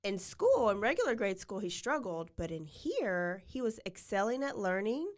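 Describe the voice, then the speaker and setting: Woman host, mid-pitched, telling crime stories in a loose, chatty way; dry, close recording. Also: big pitch swings, moderate pace, dry recording. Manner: chatty, fills with "like" often. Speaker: podcast host. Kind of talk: casual true-crime storytelling.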